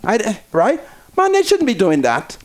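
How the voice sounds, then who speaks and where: A man's voice: sits high, wildly swooping pitch, a little slow, noisy background. A Bahamian man hosting a heated political talk show, fiery and preachy, speaking in strong local dialect.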